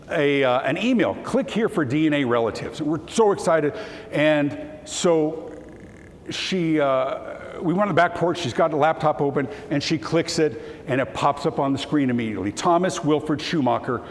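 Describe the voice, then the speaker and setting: A man giving a storytelling keynote talk to an audience, animated and at times choked with emotion as he acts out the dialogue. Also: fairly high pitch. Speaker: keynote speaker. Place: conference hall. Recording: hall reverb, faint room noise.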